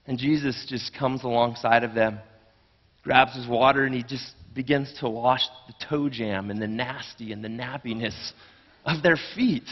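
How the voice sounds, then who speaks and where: A man's voice: mid-range voice, moderate pace, big-room sound, muffled recording. A man preaching a sermon in an earnest, conversational way, often restarting his phrases. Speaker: pastor.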